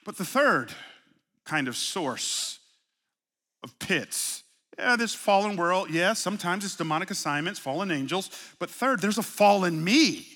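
A middle-aged male pastor preaching a sermon in a conversational way, mixing family stories with sharp emphasis and quiet, low asides. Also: lively intonation, unhurried. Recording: live sermon in a reverberant hall.

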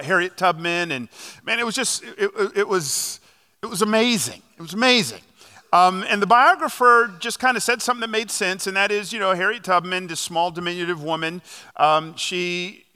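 Pastor mid-sermon, a man with a bright, forceful voice and animated storytelling, echoing through a big church. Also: high-pitched. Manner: animated storytelling with fillers and restarts. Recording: long hall reverb.

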